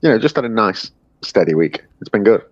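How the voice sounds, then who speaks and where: Brief: deep-voiced co-host, chatty and jokey, dull and dry sound. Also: male voice, big pitch swings, a little fast, no room sound. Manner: chatty, laughs easily. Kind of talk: casual live-stream chat.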